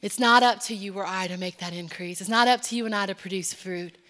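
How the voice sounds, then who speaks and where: A woman preaching a sermon in a church, impassioned, moving between hushed, quiet passages and emphatic, building lines. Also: mid-range voice, fast talker, long reverb tail. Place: church sanctuary.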